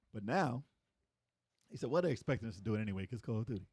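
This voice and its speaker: An animated man with a husky, slightly breathy voice, swinging his pitch widely as he talks. He co-hosts a casual gaming podcast, laughing often and acting out quotes, recorded dry and close. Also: racing, no room sound. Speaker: podcast co-host. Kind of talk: casual chat.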